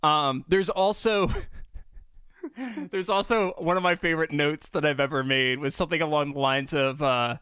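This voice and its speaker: This is a man telling loose stories as a podcast co-host. His voice is bright, smooth and a touch high. The mic sound is close and dry, and he uses casual fillers and swears now and then. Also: moderate pace, dry recording. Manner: relaxed storyteller, fillers and swearing. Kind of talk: casual chat.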